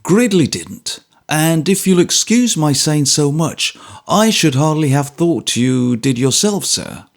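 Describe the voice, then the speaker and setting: Bluff ex-soldier, read by a man, polite but immovable, gravelly, lively delivery. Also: a little high, takes it slowly, pitched above the performer's own voice, full character voice. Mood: firm, polite. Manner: steady, polite, stubborn. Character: bluff good-humoured ex-soldier, man, middle-aged. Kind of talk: audiobook character reading.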